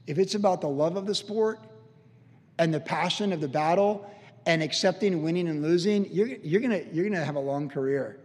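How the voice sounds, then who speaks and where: A man pastor giving a conversational, animated sermon, telling stories with frequent restarts. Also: fairly high pitch, a little fast. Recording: long reverb of a church hall.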